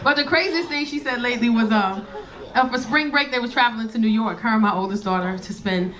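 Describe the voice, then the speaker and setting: Brash woman comic, high voice. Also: fast, background noise. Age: 40s. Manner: brash, crude, laughing at her own jokes. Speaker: stand-up comedian. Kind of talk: stand-up comedy storytelling.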